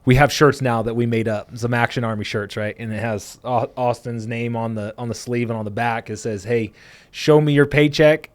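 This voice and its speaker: A man of middle pitch tells a story in an easygoing, rambling way and quotes other people as he goes. The recording is dry and close, with no room echo. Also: little pitch movement, brisk, hardly any pauses. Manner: rambling, many fillers and restarts, quotes people. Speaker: podcast host, plumbing business owner. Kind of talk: casual storytelling chat.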